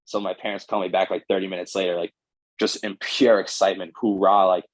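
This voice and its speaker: Young man, low husky voice, dry close sound, animated casual storytelling, lots of "like". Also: fast talker, no room sound, poor audio. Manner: animated, fills speech with "like". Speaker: guest baseball pitcher.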